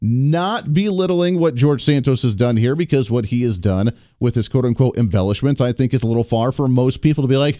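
An American man hosting a political talk radio show, talking in an animated, sarcastic way and mocking quotes with put-on voices. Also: medium pitch, a little fast, few pauses, no room sound, clean studio sound.

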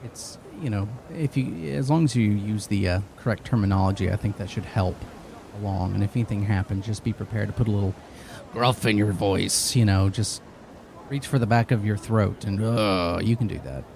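Lower-voiced man rambling as a player. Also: normal speed, vocal fry, a little mellow, slight background noise. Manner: rambling, stumbling restarts. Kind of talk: tabletop role-play.

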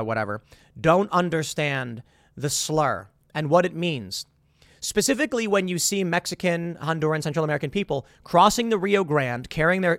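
This male commentator's opinionated movie rant is sarcastic and disbelieving, carried by a high, animated voice with big ups and downs. He trips over words and starts again, and the sound is close and dry, with no echo or room.

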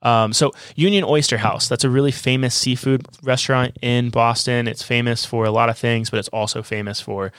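A man's voice: mid-range voice, fairly even intonation, a little fast, few pauses, a bit bright, clear, resonant tone, no room sound, studio quality. A man co-hosting a casual travel podcast, recommending places to listeners with enthusiasm. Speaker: podcast co-host.

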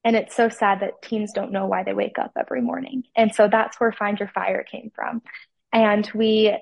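A woman's voice: mid-range voice, steady tone, normal speed, creaky, dry recording, highs cut off. A teenage girl from Utah, a pageant titleholder, telling her story with enthusiasm in a casual interview. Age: teens.

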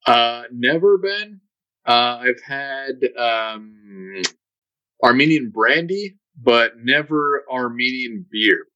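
A man's voice: medium pitch, lively intonation, slow, pushed and bright, no room sound, highs cut off. A man co-hosting a podcast in casual chat, often stammering and repeating words. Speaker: podcast co-host.

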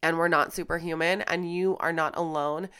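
A woman's voice: low-pitched, steady tone, moderate pace, a bit bright, smooth. A young woman, a fitness instructor hosting a podcast, talking candidly into a microphone in a stuffy, congested voice, raw and emotional, with casual swearing. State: stuffy and congested from crying and flu. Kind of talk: candid personal monologue. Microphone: studio microphone.

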